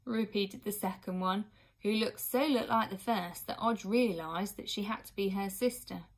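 A woman reading a children's book aloud expressively, now and then pausing for an aside to her listeners. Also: mid-range voice. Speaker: reader.

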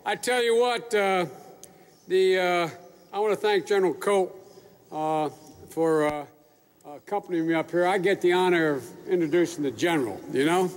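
A man's voice: high voice, moderate pace. An older man giving a public speech to troops from a podium microphone, folksy and rambling, with asides and restarts. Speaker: speaker addressing troops. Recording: echoey large hall with faint noise.

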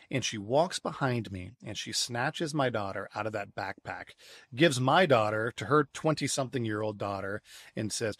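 A man, a podcast guest, telling stories in a lively conversational way and often repeating words as he restarts. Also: lowish voice, moderate pace, no room sound, studio quality. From United States. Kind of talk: storytelling in a conversational interview.

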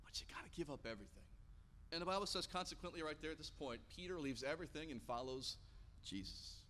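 A man in his thirties preaching a sermon in church, telling stories and acting out the quotes with lively energy. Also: on the high side, fast talker. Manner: animated storytelling, acting out quotes. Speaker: pastor. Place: church sanctuary. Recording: long church hall reverb.

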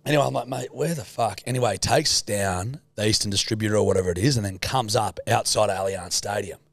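Gravelly, swearing Australian man. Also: fairly low pitch, brisk, no room sound. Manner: crude, swears often, rambling anecdote. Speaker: podcast co-host. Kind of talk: casual chat, storytelling.

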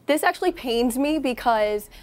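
A woman anchoring the news from a studio desk, her voice sitting a little high. She reads a light story with a playful, wry edge and keeps teasing her co-hosts. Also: expressive, moderate pace, darkish tone.

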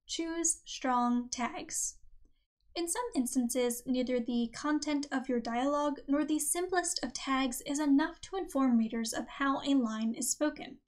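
A woman hosting a writing-advice podcast, reading a script in a clear, measured way. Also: high voice, darkish tone. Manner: clear, measured delivery, reading examples aloud. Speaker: podcast host.

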